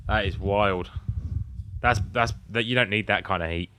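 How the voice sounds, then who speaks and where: A man's voice: fairly low pitch, normal speed, sharp tone, a little hiss or hum. A man co-hosting a casual podcast, rambling with lots of "like" and swearing freely. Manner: rambling, heavy use of "like" and swearing. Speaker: podcast co-host.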